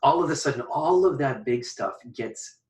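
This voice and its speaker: A man giving a recorded poetry lesson, thinking aloud in a casual, halting way with many fillers and restarts. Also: mid-range voice, animated, darkish tone, far from the mic, low-quality recording. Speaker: poetry teacher. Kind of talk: recorded online lecture.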